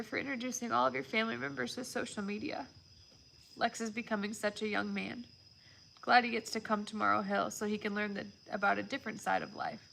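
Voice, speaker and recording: Gravelly emotional woman vlogger. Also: fairly high pitch. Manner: emotional, often near tears, chatty. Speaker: vlogger opening viewer gifts. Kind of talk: casual live-stream chat. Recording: loud background noise with crinkling.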